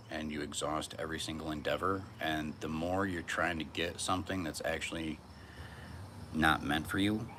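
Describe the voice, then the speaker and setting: A man in his thirties with a deep, low voice drifts through a loose, profane monologue. The stream sounds like it is recorded outdoors, with crickets and passing traffic clearly audible behind him. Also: sharp tone. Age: 30s. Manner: musing, profane, wandering monologue. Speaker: live streamer. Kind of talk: rambling solo live stream. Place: outdoors on a hot day.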